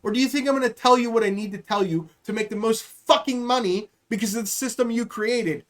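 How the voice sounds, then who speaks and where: High-voiced man on a profane rant. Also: a little fast, fairly bright tone. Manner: profane, heated ranting. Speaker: comedian and podcast host. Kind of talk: live-streamed podcast rant.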